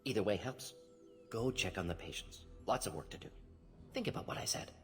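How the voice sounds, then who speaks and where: An alien male doctor with a very deep voice that bounces up and down. He fires off rapid, clipped fragments, skipping small words. Video game voice acting. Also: expressive, faint music behind. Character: alien male scientist doctor, brisk and clinical.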